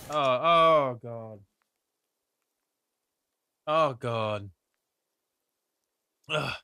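A man streaming live, reacting to videos with loud exclamations, groans and a lot of swearing. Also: mid-range voice, extremely slow, slight background noise.

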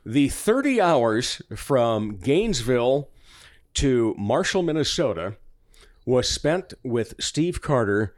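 A man, a radio guest, telling a long joke in casual studio chat, with quick spelling patter and frequent laughs. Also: mid-range voice, no echo. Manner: animated storyteller, rapid spelling patter, laughs often. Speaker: guest performer and podcaster. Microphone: studio microphone.

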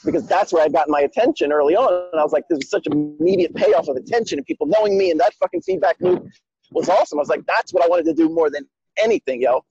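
A man's voice: on the high side, big pitch swings, fast, vocal fry, dark tone, breathy edge, dry recording, lo-fi sound, soft background music. A man telling a story in a loose, heavily profane, emphatic way. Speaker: guest speaker. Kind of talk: casual conversation.

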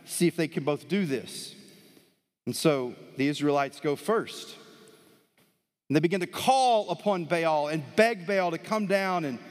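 A man's voice: fairly high pitch, unhurried. Preaching man in an echoing hall. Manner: animated preaching, dramatic swings between soft and loud emphasis. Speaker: pastor. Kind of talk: sermon. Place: church sanctuary with a live audience. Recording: long hall reverb.

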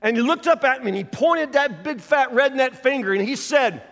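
A preacher telling a folksy story from the pulpit, his voice set high for a man. He swings from quiet asides to loud, animated bursts. The sound carries a long reverb from a large hall. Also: normal speed, few pauses. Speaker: pastor. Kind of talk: sermon with storytelling.

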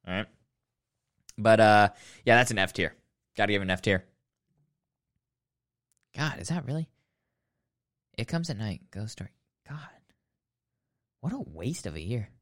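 A man's voice: lowish voice, fairly bright tone. A man hosting a podcast, delivering a mock-serious, sarcastic comedic rant that rambles and breaks into sudden outbursts. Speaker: podcast host ranking films.

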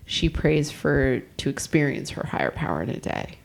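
A woman's voice: very deep voice, big pitch swings, moderate pace, vocal fry. A woman in casual conversation, telling chatty stories and acting out exchanges with strangers. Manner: chatty storyteller, acts out exchanges. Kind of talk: casual chat.

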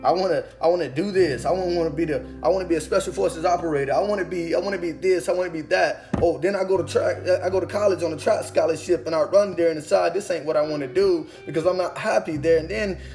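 Over soft, faint guitar music, a young motivational speaker delivers an inspirational testimony in an earnest, preaching rhythm, repeating phrases. He's emotional and fighting back tears, talking fast with few pauses in a gravelly voice on the high side.

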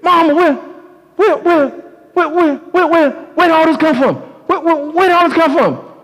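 An excited young boy, stammering over his words, high and bright, as a man puts him on. His voice rises well above the preacher's usual pitch and rings out in a long hall reverb. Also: moderate pace. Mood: amazed.

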